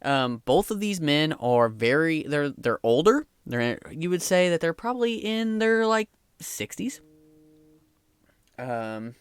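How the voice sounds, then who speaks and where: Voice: medium pitch, a bit bright, smooth, no echo, studio quality. A game master narrating a tabletop game scene, describing it with many hesitations.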